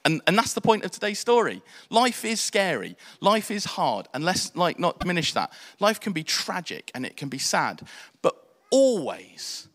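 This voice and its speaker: Animated, lively male preacher. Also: high-pitched, normal speed, long reverb tail. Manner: animated storytelling, acts out quotes in voices. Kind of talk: sermon.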